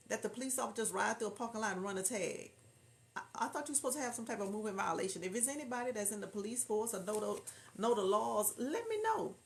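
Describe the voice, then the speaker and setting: A woman from Houston with a Southern drawl, hosting a casual livestream, chatting and reading viewer comments aloud. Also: medium pitch. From Houston, Texas. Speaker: livestream host reading chat. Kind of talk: casual chat.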